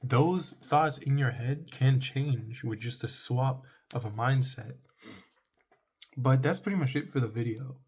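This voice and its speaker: A man talking straight to the camera in a loose, rambling monologue of dating advice. His voice sits at an ordinary middle pitch, and he is blunt and profane. He keeps punctuating his points with "right?". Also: measured pace, darkish tone, breathy edge. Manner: swears casually. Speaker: vlogger.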